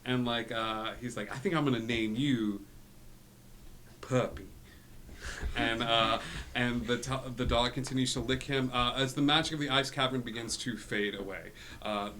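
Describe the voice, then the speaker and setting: A man narrating as game master of a tabletop game, in a loose, halting way with many fillers. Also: mid-range voice, bright, forceful tone, a little hiss or hum.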